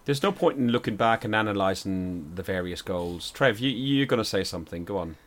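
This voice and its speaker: A man hosting a casual podcast chat, forceful and swearing as he steers the talk. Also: fairly low pitch, expressive, fairly quick. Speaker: podcast host.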